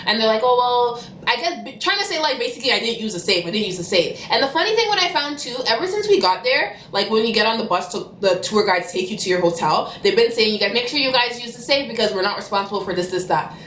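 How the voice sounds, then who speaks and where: Lively, bright-voiced woman. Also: a little high, echoey room, a little hiss or hum. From Canada. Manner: fast-talking and animated, bursting into loud cussing. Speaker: vlogger. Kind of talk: storytime vlog.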